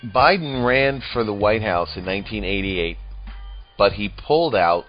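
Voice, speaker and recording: A man's voice: on the low side, lively intonation, moderate pace. A man doing rambling, profane comedic political commentary, crude and mocking as he talks. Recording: dull lo-fi audio with faint music.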